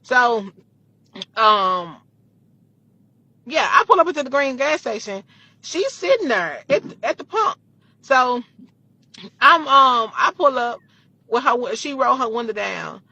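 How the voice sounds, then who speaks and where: A woman vlogger casually retelling a personal story, animated and full of profanity. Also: a little high, slow, pauses often, dry recording, lo-fi sound.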